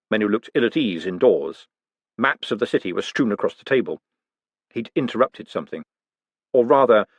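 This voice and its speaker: A man reading a novel aloud as a narrator, in measured storytelling. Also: fairly low pitch, breathy edge, no echo. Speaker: audiobook narrator. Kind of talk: scripted narration.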